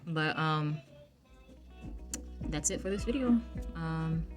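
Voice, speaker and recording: A woman talking casually to her viewers, soft-spoken and reflective, with many fillers and restarts. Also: sits low, takes it slowly, music in the background. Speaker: vlogger giving emotional wellness advice. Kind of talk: casual reflective talk to camera.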